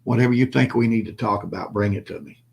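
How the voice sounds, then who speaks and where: Speaking fast in a lowish, gravelly, husky voice, an older man runs his own prepper vlog, and the audio sounds dull. His monologue to viewers is impassioned, blunt and preachy, circling back over the same points.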